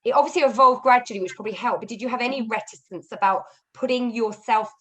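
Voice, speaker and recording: A woman's voice: a little high, quick pace, fairly bright tone. A woman co-hosting a podcast, asking thoughtful questions in casual chat. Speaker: podcast co-host.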